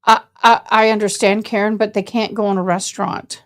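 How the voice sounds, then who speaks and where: A woman's voice: mid-range voice, level tone, a little fast. A woman telling a story casually and colloquially, a service dog handler who acts out other people's voices.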